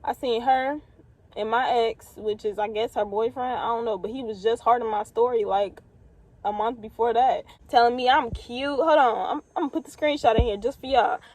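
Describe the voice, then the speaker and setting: A woman's voice: on the high side, steady tone, moderate pace, a little mellow, poor audio. A young woman from the US Midwest telling a storytime in a blunt, profane, laid-back way with lots of fillers. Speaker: vlogger. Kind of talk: casual storytime.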